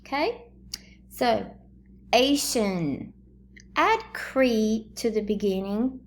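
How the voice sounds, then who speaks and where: A woman's voice: on the high side, expressive, slight background noise. A woman teaching a phonemic awareness drill at home, stretching out each word and asking children to blend or split syllables. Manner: slow, drawn-out word prompts. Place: home kitchen.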